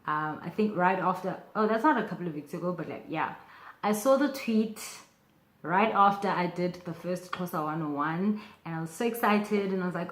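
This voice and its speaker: A young woman teaching a casual video language lesson, chatty and animated, with bursts of excitement and many fillers. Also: on the low side, normal speed, echoey room.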